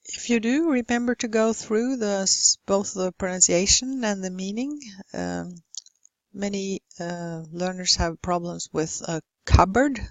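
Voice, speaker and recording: Norwegian woman, English pronunciation teacher, slow and careful delivery, dry close mic. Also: medium pitch, steady tone, dry recording. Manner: slow, careful, demonstrating word lists. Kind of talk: recorded phonetics lesson.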